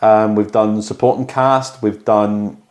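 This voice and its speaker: A man co-hosting a casual podcast about bad movies at home, jokey and quick to laugh. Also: lowish voice, steady tone, a little mellow. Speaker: podcast co-host. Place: home, dog in the room.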